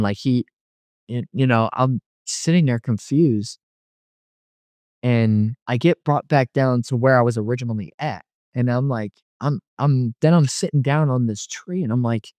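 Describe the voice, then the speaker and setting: A man's voice: mid-range voice, darkish tone, dry recording. A young man telling his personal faith testimony in an earnest, rambling way, with many restarts.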